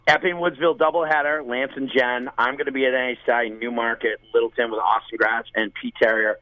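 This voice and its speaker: Male sports talk co-host, relaxed and jokey, slightly dull lo-fi audio. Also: medium pitch, brisk, no room sound. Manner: easygoing, jokey, lists picks and schedules.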